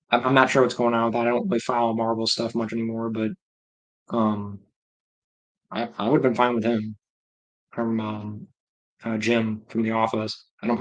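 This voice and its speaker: Man, livestream host, casual rambling chat, flat monotone delivery. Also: lowish voice, rough recording. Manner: rambling, reacting aloud to chat. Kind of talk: casual chat reading viewer comments.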